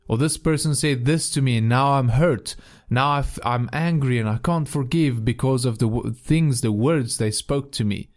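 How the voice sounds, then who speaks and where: A man's voice: mid-range voice, moderate pace, a little mellow. A man delivering a devotional sermon in an earnest way, often repeating and restarting his phrases. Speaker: devotional speaker.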